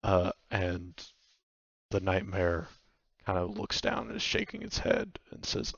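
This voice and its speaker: A man's voice: low voice, wildly swooping pitch, normal speed, creaky, fairly bright tone, breathy edge, no room sound. A man narrating a tabletop game as game master, hesitant and full of fillers, on a dull, dry, lo-fi recording.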